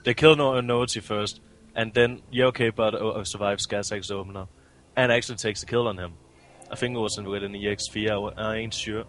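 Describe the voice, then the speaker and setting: A man's voice: on the low side, fairly even intonation, brisk, fairly bright tone, a little hiss or hum. A man co-commentating a competitive video game match, breaking down plays analytically with hesitations and restarts. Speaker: esports co-commentator.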